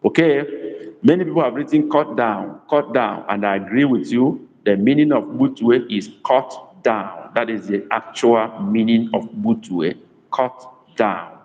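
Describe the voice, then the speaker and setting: Male tutor, slow and deliberate. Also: medium pitch, darkish tone, long reverb tail, highs cut off. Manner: slow, deliberate repetition of sentences; reads out viewers' comments. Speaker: language tutor. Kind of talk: live online lesson.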